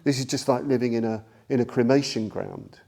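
A man acting out a panicked young playboy shouting. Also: medium pitch, brisk, creaky. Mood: horrified. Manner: shouting in horror. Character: panicked young male playboy running out at night.

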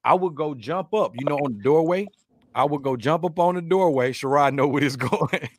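A man hosting a podcast, chatting casually, joking, rambling through stories and giving shout-outs to listeners. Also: fairly high pitch, moderate pace, slightly rough, dry recording, studio quality. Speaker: podcast host.

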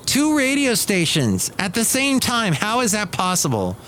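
A man's voice: sits high, wildly swooping pitch, a little slow, bright, forceful tone, slight background noise. Rambling, jokey man hosting a podcast. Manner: rambling, self-mocking, jokey. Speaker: podcast host. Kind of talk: casual solo podcast chat.

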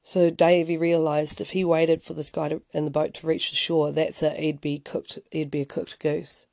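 A man's voice: fairly high pitch, flat delivery, moderate pace, gravelly, darkish tone, no echo. A man hosting a podcast, telling a story in a casual, rambling way with many restarts and wry asides. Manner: conversational, rambling, frequent restarts and "you know". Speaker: podcast host.

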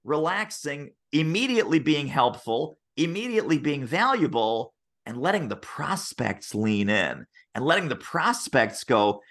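A man talking as a sales expert on a podcast interview over a video call, telling stories and acting out the voices of the people in them. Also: unhurried. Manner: lively, acts out quoted voices with big pitch jumps. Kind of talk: animated interview storytelling.

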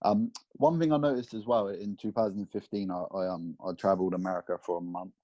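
A man from England with a southern English accent, a podcast guest chatting in a relaxed way with many fillers. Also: deep voice, fairly quick, no room sound. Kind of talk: casual chat. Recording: dull, lo-fi call audio.

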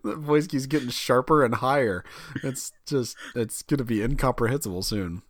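A man's voice: medium pitch, moderate pace, no room sound, clean studio sound. A man co-hosting a podcast who talks in a wry, explanatory way in casual conversation. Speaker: podcast co-host.

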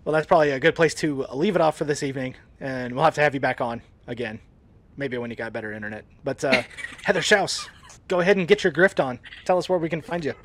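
A man hosting a podcast, chatting casually and laughing often, in a relaxed, joking way. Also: medium pitch, quick pace, slight background noise. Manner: laid-back, jokey, laughs often. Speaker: podcast host. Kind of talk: casual chat.

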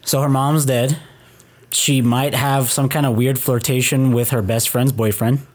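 A man's voice: mid-range voice, fairly even intonation, measured pace, darkish tone. A man co-hosting a casual movie review podcast, laughing often and riffing on jokes. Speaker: podcast co-host.

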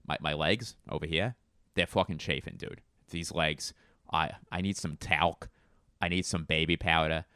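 A man's voice: a bass voice, steady tone, normal speed, sharp tone, clean tone, no echo, studio quality. A man voicing a crude, complaining Boston man who grumbles in a mock Boston accent. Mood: grumbling.

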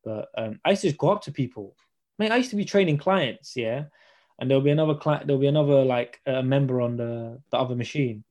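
Man, young, fast-paced, mellow voice, slangy storyteller. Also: mid-range voice. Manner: slangy, storytelling, acts out dialogue. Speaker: podcast guest, personal trainer. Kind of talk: casual chat.

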